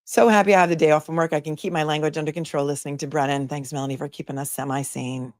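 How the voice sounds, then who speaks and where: A woman's voice: sits low, steady tone, very fast, no room sound, clean studio sound. A woman hosting a live commentary stream, chatting casually, joking and reading viewer comments aloud. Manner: chatty, jokey, reads chat messages aloud.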